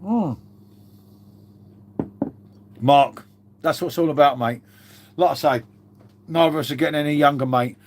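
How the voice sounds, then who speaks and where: A man's voice: fairly high pitch, moderate pace, long pauses, slight background noise. A middle-aged man chatting casually on a live stream, rambling and swearing, calling everyone mate, unwell with a cough. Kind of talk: casual live-stream chat reading viewer comments.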